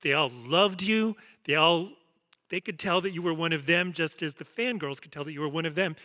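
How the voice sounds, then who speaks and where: Admiring man moderating onstage, higher and bright tone, long hall echo. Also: fairly quick. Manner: admiring, enthusiastic questions. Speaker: interviewer, music writer. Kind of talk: onstage interview. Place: auditorium stage before an audience.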